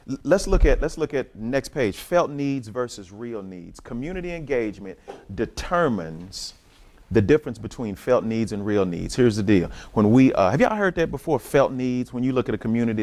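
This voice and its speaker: A man with a Southern US accent leading a church community-engagement workshop, teaching in a lively preacher style and talking straight to the room. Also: medium pitch, normal speed. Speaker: workshop leader. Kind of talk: church community training talk.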